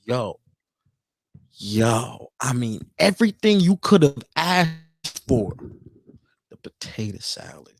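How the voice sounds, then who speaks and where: A man co-hosting a podcast, telling a food story in a lively, casual way with plenty of swearing. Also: medium pitch, slow pace, long pauses, a little hiss or hum. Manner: animated storyteller, swears freely. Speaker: podcast co-host. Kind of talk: casual chat.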